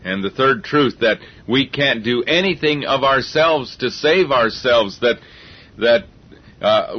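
Husky-voiced man preaching earnestly. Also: mid-range voice. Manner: earnest, repeats himself while reasoning. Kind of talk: sermon. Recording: dull lo-fi recording.

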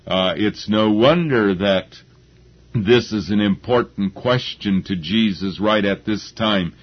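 A man preaching a sermon, slow and deliberate, with halting restarts as he gathers his thoughts. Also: fairly low pitch. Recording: dull lo-fi recording.

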